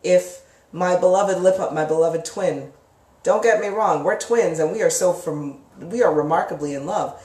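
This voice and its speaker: A woman's voice: lowish voice, moderate pace, mellow, reverberant. A woman hosting a live psychic Q&A, answering viewer comments in a frank, chatty way with casual swearing. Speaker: psychic live-stream host.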